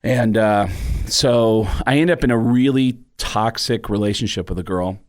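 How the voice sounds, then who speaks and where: A man, a comedian, telling a story in a casual interview and acting out the people in it. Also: normal speed. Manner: animated storyteller, jumps into high excited voices for quoted people. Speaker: comedian guest.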